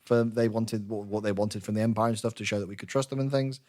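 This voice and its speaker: A man's voice: fairly low pitch, fairly even intonation, quick pace, a little mellow. Male podcast host, casual and rambling, acts out quotes as he goes. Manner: rambling storyteller, acts out own lines. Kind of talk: casual chat.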